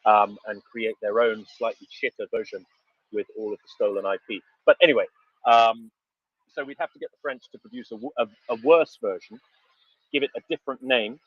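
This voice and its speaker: A man's voice: fairly low pitch, steady tone, a little fast, slightly rough, no echo. A British man in casual panel chat, dry humour and frequent ums and uhs. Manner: dry, hesitant with many fillers. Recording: dull dry lo-fi mic.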